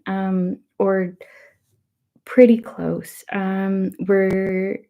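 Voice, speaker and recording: A woman in her thirties, chatting soft-spoken and a little nervous on a livestream, rambling with many fillers and asides. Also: medium pitch, measured pace, muffled recording. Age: 30s. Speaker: ASMR host. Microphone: webcam setup.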